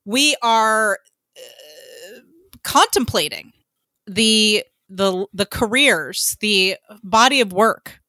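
Bright, chatty woman podcast host. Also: mid-range voice, lively intonation, drawn-out words, no echo, studio quality. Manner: chatty, laughs, frequent ums and swearing. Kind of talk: casual chat.

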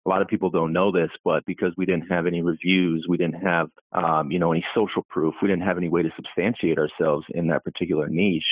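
A man's voice: low voice, little pitch movement, quick pace, hardly any pauses, no echo. A man as a podcast guest, speaking emphatically and rising when he makes a point, heard over a remote call. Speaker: guest agency owner. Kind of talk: podcast interview. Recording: tinny phone-like call line.

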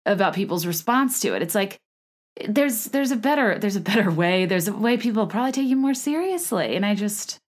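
A woman's voice: mid-range voice, animated, brisk. A woman hosting a podcast, talking in a chatty, gossipy way with a wry, sarcastic edge. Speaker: podcast host. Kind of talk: casual chat.

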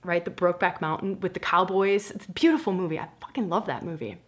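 Speaking quickly in a fairly low voice, a woman recounts a frank personal story during a podcast conversation, poking fun at herself with lots of energy and an occasional curse word.

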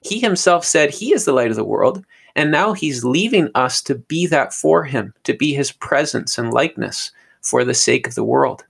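A man's voice: medium pitch, animated, moderate pace, gravelly, hardly any pauses, a bit bright, husky. A man teaching on a podcast in an earnest, sermon-like way, often stumbling and repeating words. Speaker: podcast co-host teaching on scripture.

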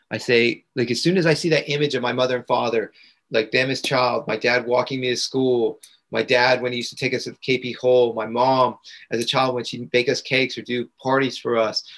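A man's voice: mid-range voice, fairly bright tone, poor audio. A young man, a guest coach, retelling a painful personal experience in an intense, raw and vivid way. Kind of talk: emotional personal storytelling.

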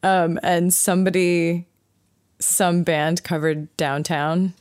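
A woman with a Southern American accent, a radio guest telling animated stories and laughing often. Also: on the low side, slow pace. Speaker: guest, theatre maker. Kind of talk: casual radio chat.

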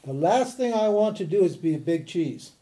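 A man teaching a class as a spiritual teacher in an informal lecture, animated and chatty, laughing often and restarting his sentences. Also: high voice, moderate pace.

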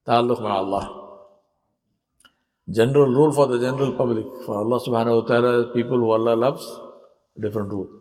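A man's voice: medium pitch, steady tone, brisk, long pauses, a little mellow, low-quality recording. Man preaching a storytelling sermon. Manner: storytelling, rhetorical questions.

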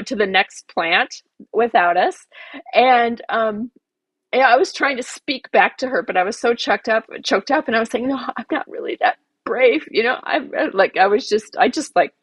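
A woman's voice: fairly high pitch, a bit bright, slightly rough, no room sound. A woman, a garden designer and podcast guest, telling an emotional personal story with many asides.

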